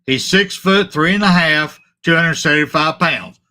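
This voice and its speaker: A man with a drawl hosts a casual sports talk stream, reacting to viewer comments. His voice sits a little high and sounds bright and forceful. He talks in animated bursts, repeats his points and keeps apologizing mid-sentence. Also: normal speed. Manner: animated and repetitive, trailing off and apologizing. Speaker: sports talk show host.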